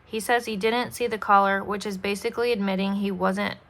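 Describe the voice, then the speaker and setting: A calm, caring mother, read aloud by a woman with a bright, clear tone. She speaks gently and steadily, like a parent soothing a worried child during a storybook reading. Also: medium pitch, fairly quick, lightly acted. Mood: gentle.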